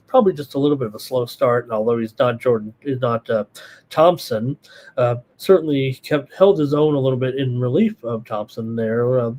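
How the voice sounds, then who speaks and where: A man's voice: medium pitch, a little mellow. Chatty man hosting a live betting show. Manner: rambling, many fillers and restarts, chatty. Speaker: sports betting show host. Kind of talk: live solo betting analysis, reading chat.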